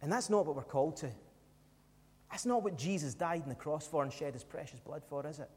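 A man's voice: a little high, brisk, darkish tone, husky. A man preaching a sermon in a church, emphatic and full of rhetorical questions to the congregation. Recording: long hall reverb.

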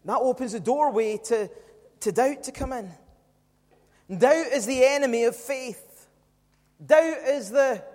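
A man preaching with a strikingly high voice, leaning hard on his points and throwing rhetorical questions at the congregation. His words ring out with a long reverb from a church hall. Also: animated, a little slow, long pauses, a little mellow. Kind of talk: sermon.

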